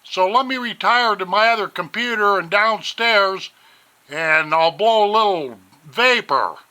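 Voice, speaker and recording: A man's voice: sits high, unhurried, clean tone. A man from Montana, rambling folksily through a casual product review at home on a webcam. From Montana, USA. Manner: folksy, rambling, addresses viewers as ladies and gentlemen. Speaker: vlogger reviewing vape gear.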